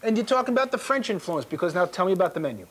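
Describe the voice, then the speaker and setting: A man's voice: sits high, very animated, very fast, fairly bright tone, husky. A man hosting a cooking show in a restaurant kitchen, upbeat and firing questions at his guest chef. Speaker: TV chef host.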